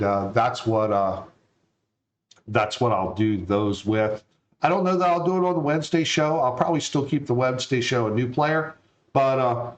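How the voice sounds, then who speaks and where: A man's voice: mid-range voice, poor audio. A man hosting a live stream, talking casually and rambling with plenty of fillers. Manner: relaxed, rambling, lots of fillers. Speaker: stream host.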